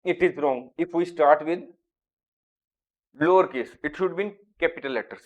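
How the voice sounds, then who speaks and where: A man with an Indian English accent, teaching a grammar lesson with slow, repetitive explanations. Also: fairly high pitch, highs cut off.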